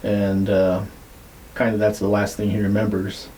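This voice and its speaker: A man on a podcast telling a story in a casual, rambling way, swearing freely and filling pauses with "like" and "uh". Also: on the low side, completely flat delivery, dark tone, slight background noise, rough recording. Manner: rambling, profane, many fillers. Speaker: podcast co-host.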